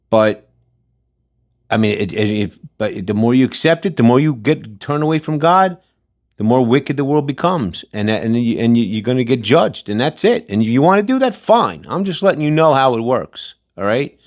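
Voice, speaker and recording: A man with a medium-pitched, lively voice talks at a normal pace. He hosts a commentary channel and delivers a casual rant that is blunt, combative and full of slang, hammering the same points again and again.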